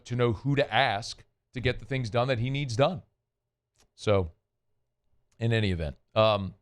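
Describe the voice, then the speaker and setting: Low, smooth-voiced radio host. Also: male voice. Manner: conversational, opinionated, many fillers and restarts. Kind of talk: sports talk radio commentary.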